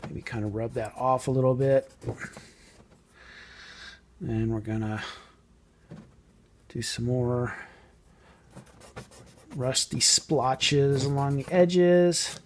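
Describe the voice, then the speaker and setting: A man casually explaining a painting technique as he works, thinking aloud and sometimes trailing off softly. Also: medium pitch, steady tone, slow, pauses often, a little hiss or hum. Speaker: model painting tutor. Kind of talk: casual hands-on painting tutorial.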